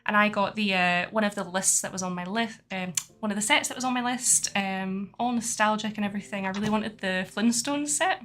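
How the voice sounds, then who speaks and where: A woman's voice: medium pitch, brisk, few pauses, fairly bright tone. A Scottish woman hosting a casual livestream chat, rambling along with lots of fillers. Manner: chatty, rambling with many fillers, laughs often. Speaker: host.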